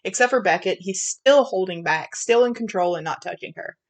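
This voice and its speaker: A woman's voice: medium pitch, brisk. A woman with a Southern accent co-hosting a podcast, bluntly recapping a romance novel's plot in casual, profane chat. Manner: frank, profane, summarizing plot with giggles. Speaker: podcast co-host. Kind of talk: casual book review chat.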